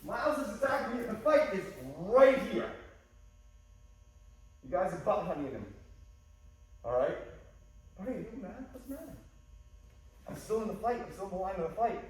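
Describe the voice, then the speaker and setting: A man teaching a martial arts class, animated, acting out quoted lines of dialogue as he coaches his students. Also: high-pitched, moderate pace, pauses often. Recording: echoey gym heard from a distance.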